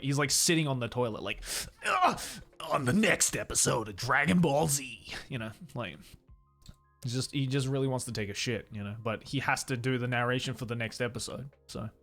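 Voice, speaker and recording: A man chatting casually with his stream audience, often laughing and trailing off with fillers. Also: mid-range voice. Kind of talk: casual chat.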